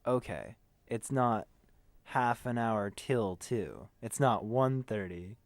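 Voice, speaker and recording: A man's voice: on the low side, slow pace, no echo. Chatty American man, bone-dry sound. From United States. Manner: animated, joking, rambling. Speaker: tour manager. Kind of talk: casual interview chat.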